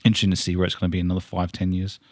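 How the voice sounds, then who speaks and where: Aussie bloke cohosting a podcast, deep voice, rambles on with lots of um and like. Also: male voice, completely flat delivery, very fast, dry recording, clean studio sound. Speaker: podcast co-host. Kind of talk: casual chat.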